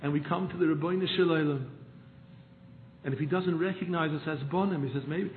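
A man telling a parable in a sermon, moving from hushed narration to pleading. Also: on the high side, fairly quick, slight background noise. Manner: storytelling, swings from hushed to pleading. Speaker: rabbi. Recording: echoey room over a tinny phone-like line.

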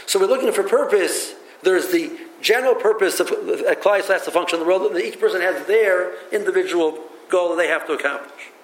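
Male rabbi, high-pitched, halting and repetitive, recorded in a roomy space. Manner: halting and repetitive, thinks aloud. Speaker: rabbi teaching a class. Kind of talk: teaching a religious text, with stories. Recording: echoey room with faint ambience.

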